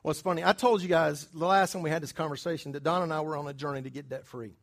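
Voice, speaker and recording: High-voiced man preaching conversationally. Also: fairly even intonation, fast talker, vocal fry. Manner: conversational preaching, quizzing the congregation; swings between hushed asides and loud emphatic bursts. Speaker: pastor. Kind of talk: sermon.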